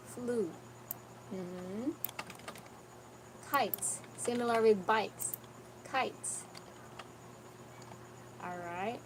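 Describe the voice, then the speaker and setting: A woman teaching an online English pronunciation lesson, patiently correcting a student and repeating words slowly. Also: medium pitch. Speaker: English tutor. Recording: noticeable background noise.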